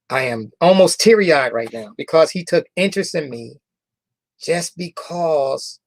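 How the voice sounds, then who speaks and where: Slow, emphatic motivational speaker man. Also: medium pitch, no room sound. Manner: repeats phrases for emphasis, drawn-out key words; asks the audience rhetorical questions. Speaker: company founder addressing members. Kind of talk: motivational storytelling talk.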